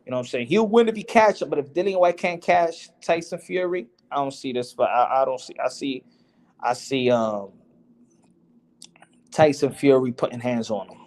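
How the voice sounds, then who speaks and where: A man's voice: medium pitch, moderate pace, darkish tone. A man hosting a boxing podcast, talking in a casual, slangy street style. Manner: slangy, loose street talk. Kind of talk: casual chat.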